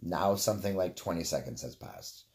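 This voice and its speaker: A man's voice: low voice, lively intonation, moderate pace, darkish tone. A Canadian man telling a story casually, swearing freely and wandering off on tangents. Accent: Canadian English. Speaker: vlogger.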